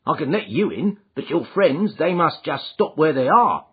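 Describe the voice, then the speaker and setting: Brief: male narrator as a stubborn, gravelly porter; raspy, tinny. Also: on the high side, sing-song, normal speed, voice pushed up, full character voice. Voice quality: gruff, gravelly, rustic speech. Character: gruff stubborn middle-aged prizefighter porter, McMurdo. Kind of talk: audiobook character voice. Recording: thin phone-like audio.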